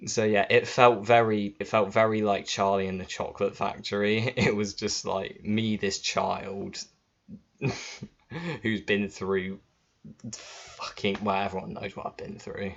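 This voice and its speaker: A man with a lowish voice talks straight to camera, loose and informal and not shy about swearing. The sound is dull and lo-fi, picked up by an old laptop's built-in mic. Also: steady tone, unhurried, vocal fry. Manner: chatty and informal, swears freely. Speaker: vlogger. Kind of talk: casual storytelling to camera.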